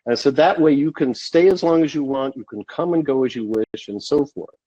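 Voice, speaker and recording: A man being interviewed on a podcast, telling a story at a steady, measured pace. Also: medium pitch, no echo. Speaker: guest, sales consultant. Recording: dull, dry lo-fi sound.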